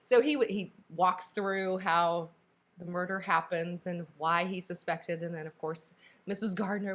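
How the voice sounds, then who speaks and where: A woman's voice: lowish voice, unhurried, a bit bright. A woman co-hosting a book review, casually retelling a story and acting out characters' lines.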